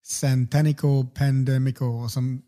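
A man co-hosting a casual film podcast, playful and quick with quips. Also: medium pitch, little pitch movement, warm tone. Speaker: podcast co-host.

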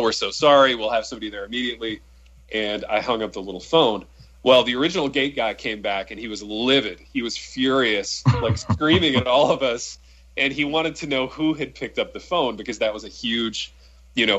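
A man co-hosting a casual podcast chat, telling a long travel story in a relaxed, rambling way with lots of fillers. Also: mid-range voice, lo-fi sound. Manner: laid-back, rambling anecdote telling with fillers. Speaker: podcast co-host.

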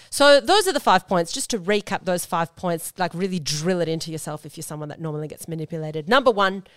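A woman hosting an advice podcast, her voice pitched low and a little nasal. She speaks close to the mic in a dry room. She is emphatic and drives each point home with a repeated "okay?". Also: no echo. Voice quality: slightly nasal today. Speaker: podcast host.

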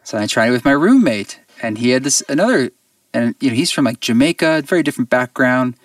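A man, a musician guest on an interview show, tells a personal story in an earnest, reflective way with halting restarts. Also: medium pitch, expressive, distant mic, a little hiss or hum.

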